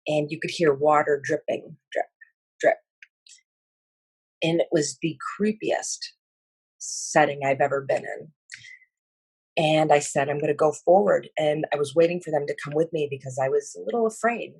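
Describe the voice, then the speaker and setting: Breathy woman telling her vision, slow and halting, lots of ums, dry close sound. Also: sits low, darkish tone, dry recording. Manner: slow and halting, with many fillers; emotional and earnest. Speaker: speaker sharing a spiritual vision. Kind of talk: personal account of a vision.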